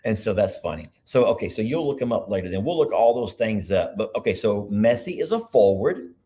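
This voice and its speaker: A man hosting a casual livestream from his computer, chatting loosely and thinking out loud as he goes. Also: on the low side, animated, a little fast. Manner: rambling, chatty, thinks aloud. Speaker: livestream host. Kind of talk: casual live chat.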